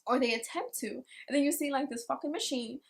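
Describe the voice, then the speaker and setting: A woman's voice: high-pitched, quick pace, vocal fry. A woman casually recapping an anime episode, swearing freely and acting out the lines as she tells it. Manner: profane, animated storytelling with acted quotes. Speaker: anime reviewer.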